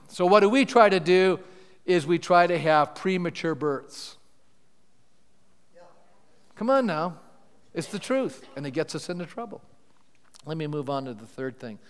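A male pastor preaching a sermon, asking his congregation questions and retelling scripture in lively paraphrase. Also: a little high, clean tone. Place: church sanctuary. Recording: church hall with long reverb.

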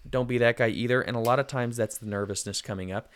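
A man's voice: mid-range voice, fairly even intonation, fast talker. A man in his thirties co-hosting a casual podcast, earnest and self-deprecating, with plenty of fillers. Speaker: podcast co-host.

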